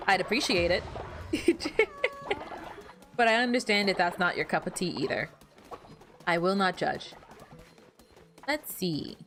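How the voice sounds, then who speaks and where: A woman streaming a game, chatting casually with viewers in an animated, easily flustered way. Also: on the low side, unhurried, long pauses, soft background music. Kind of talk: casual gameplay commentary to chat.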